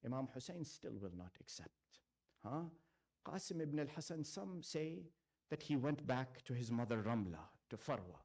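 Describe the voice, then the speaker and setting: A man giving a solemn sermon, telling a story and voicing the people in it, with drawn-out recitation. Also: mid-range voice, big pitch swings, a little mellow, breathy edge. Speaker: speaker at a religious gathering. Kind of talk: sermon narration.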